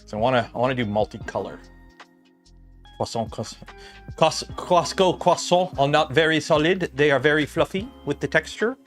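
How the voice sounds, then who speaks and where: A man's voice: fairly high pitch, lively intonation, a little fast, few pauses, faint music behind. A man hosting a livestream, chatting in a rambling, filler-heavy way with plenty of "like" and "uh" while he works at his bench. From Canada. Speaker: livestream host. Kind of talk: casual livestream chat.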